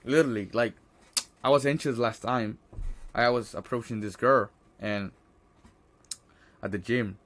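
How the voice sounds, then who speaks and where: Man, mid-pitched, motivational vlogger who swears freely and speaks plainly. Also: a bit bright. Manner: casual and blunt, swears often, keeps asking "right?". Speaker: social anxiety coach. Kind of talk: motivational vlog talk.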